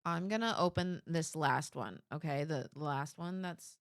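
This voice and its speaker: A woman streamer reacting casually and excitedly to a video. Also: low voice, unhurried. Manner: animated, exclaiming, laughing.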